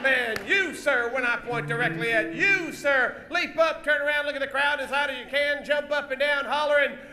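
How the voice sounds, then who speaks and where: A man hosting a live comedy show, teasing volunteers from the audience with loud stage patter. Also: very high-pitched. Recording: echoey venue with music and crowd.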